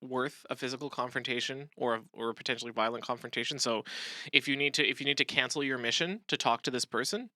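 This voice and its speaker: Man, co-host, measured, explanatory, very bright tone. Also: mid-range voice, no room sound. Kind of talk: casual chat.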